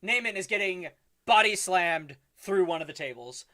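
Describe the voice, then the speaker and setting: A man's voice: high-pitched, expressive, normal speed, sharp tone. A man narrating as game master in a tabletop game, rambling with lots of ums and uhs. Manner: rambling, many ums and uhs, laughs often.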